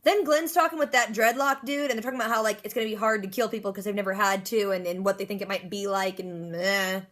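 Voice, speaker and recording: A woman recapping a TV episode in a rapid, chatty way, dropping sarcastic asides. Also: medium pitch, fairly even intonation, fairly bright tone. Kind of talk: casual fast-paced episode recap.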